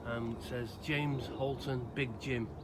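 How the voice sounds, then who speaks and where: A man's voice: mid-range voice, fairly even intonation. Man rambling outdoors. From Salford, England. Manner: rambling and conversational, with many pauses. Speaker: grave-visiting vlogger. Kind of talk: casual spoken tribute and storytelling. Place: outdoors in a cemetery. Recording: outdoor noise behind the voice.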